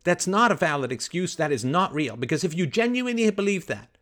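A man hosting a call-in advice show, scripting a confrontation in forceful, indignant tones with rapid rhetorical questions and swearing. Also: fairly high pitch, sing-song. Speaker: host.

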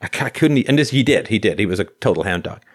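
A man's voice: lowish voice, animated, rapid-fire, slightly rough. A man hosting a call-in show, telling a story casually, with stammering restarts and acted-out quotes.

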